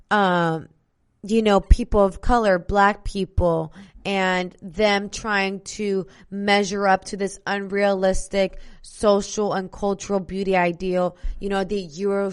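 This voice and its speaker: Young woman doing a solo health podcast, smooth clear voice, chatty, talks right to the listeners. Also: mid-range voice. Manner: chatty, addresses listeners directly, sarcastic asides. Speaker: podcast host. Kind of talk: casual solo podcast talk.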